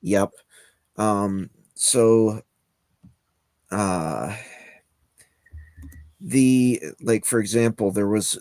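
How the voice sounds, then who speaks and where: Slow, low-voiced male co-host. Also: a little mellow, no echo, studio quality. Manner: rambling, explanatory. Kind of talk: casual chat.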